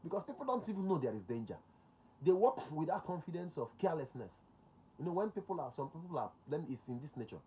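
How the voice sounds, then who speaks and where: A man's voice: fairly high pitch, very animated, quick pace, dark tone. A man with a Nigerian accent, a security consultant hosting a talk show. He speaks emphatically, repeats his key points and slips into Pidgin.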